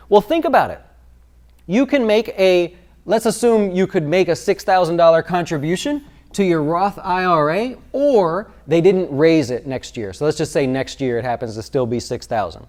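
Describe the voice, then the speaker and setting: A man's voice: high voice, animated, moderate pace, a little mellow. Man, financial advisor, conversational explainer, rhetorical questions. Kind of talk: explanatory video talk.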